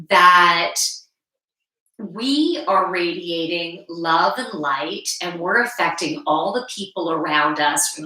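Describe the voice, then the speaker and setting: A woman's voice: lowish voice, sharp tone. A woman chatting frankly on a live stream, giggling often and swearing casually. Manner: giggly, laughs often between phrases. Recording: roomy echo, mic at a distance.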